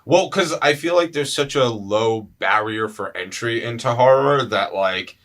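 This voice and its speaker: Bright-voiced young man chatting about movies. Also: medium pitch, unhurried. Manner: animated, joking, swears freely. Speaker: podcast host. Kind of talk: casual movie chat.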